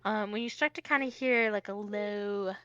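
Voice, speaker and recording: A woman's voice: mid-range voice, normal speed, sharp tone, clear, resonant tone, no echo, highs cut off. A woman as game master, narrating a live-streamed tabletop game casually with many fillers. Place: home streaming setup.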